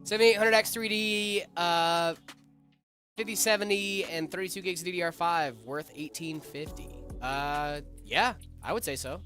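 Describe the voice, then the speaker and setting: A man's voice: high-pitched, normal speed, pushed and bright, faint music behind. A man co-hosting a livestream in a joking, casual chat, reading out follows and viewer questions. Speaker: stream co-host.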